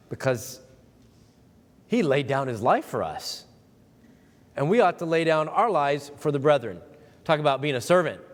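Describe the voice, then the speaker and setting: A man preaching a sermon as pastor, talking in an emphatic, conversational way and acting out quotes in little voices. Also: mid-range voice. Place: church sanctuary. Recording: reverberant church sanctuary.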